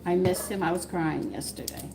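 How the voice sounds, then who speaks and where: A woman with a Southern drawl talks her way through a home cooking stream in a fairly low voice, drifting from the recipe into long personal stories. Plates, cutlery and pans clatter clearly in the kitchen around her. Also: normal speed, noisy background. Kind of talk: casual cooking live stream.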